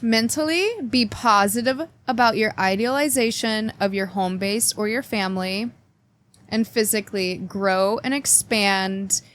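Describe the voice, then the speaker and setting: A woman's voice: mid-range voice, unhurried, fairly bright tone. A woman hosting a casual weekly astrology forecast, chatting playfully and cheekily straight to her viewers while reading oracle cards. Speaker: astrology reader and channel host.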